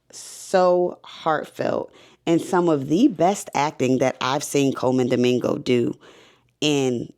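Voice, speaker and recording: A woman's voice: low voice, clean tone. A woman reviewing a TV series in a casual, enthusiastic way, chatting to viewers. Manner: enthusiastic, chatty, addresses viewers as y'all and baby. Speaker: show review vlogger.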